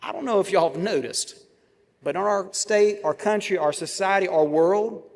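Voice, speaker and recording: A man, giving a commencement address with measured oratory, dramatic pauses and vivid storytelling. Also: high-pitched, darkish tone. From Georgia, US. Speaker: commencement speaker. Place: large ceremony venue. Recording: long reverb of a large venue.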